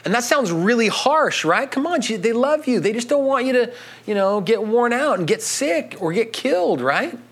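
Male preacher with a high, lively voice. Conversational sermon delivery, with frequent "right?" asides. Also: normal speed.

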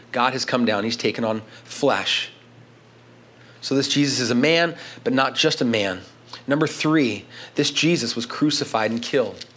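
A middle-aged man preaching a sermon, building to emphatic peaks and then dropping low and quiet. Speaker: pastor.

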